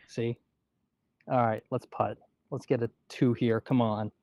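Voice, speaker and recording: A man playing golf and co-hosting a livestream outdoors, talking in a relaxed, dry, joking way. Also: medium pitch, no room sound. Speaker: golf livestream co-host and player. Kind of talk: casual on-course chat.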